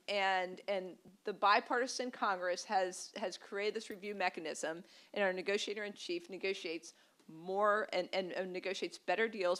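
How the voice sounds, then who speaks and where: A woman's voice: medium pitch, a bit bright. A woman panelist making earnest points on trade and jobs, often restarting her sentences. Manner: earnest, repetitive, frequent restarts. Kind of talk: policy panel remarks.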